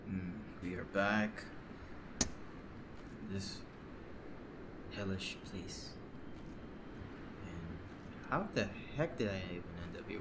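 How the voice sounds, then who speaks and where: A man's voice: sits low, slow, pauses often, a bit bright, slight background noise. A man commentating a horror game, jumpy and nervous, rambling jokes to his viewers, his throat sore from screaming. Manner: jumpy, nervous, shrieks and gasps when scared; rambling, jokey self-talk to viewers. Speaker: game streamer.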